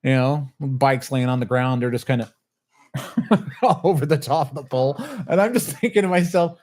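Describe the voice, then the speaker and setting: A man's voice: medium pitch, moderate pace, darkish tone. A man telling a long, agitated story in a casual livestream, swearing and acting out what others said. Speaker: channel host.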